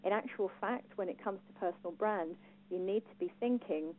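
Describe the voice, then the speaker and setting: A woman with a Home Counties English accent giving a lively talk on personal branding to a live audience, asking them questions. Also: mid-range voice, fairly quick. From England. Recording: phone-like thin sound.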